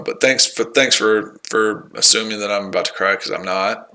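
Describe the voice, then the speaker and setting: A man's voice: lowish voice, moderate pace, hardly any pauses, sharp tone, a little hiss or hum. A man in his forties talking casually on a livestream, combative and taunting, repeating himself. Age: 40s. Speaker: livestream host.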